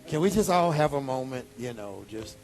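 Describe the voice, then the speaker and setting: A man pastor preaching a sermon, animated, with sudden high exclamations. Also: normal speed, soft background music.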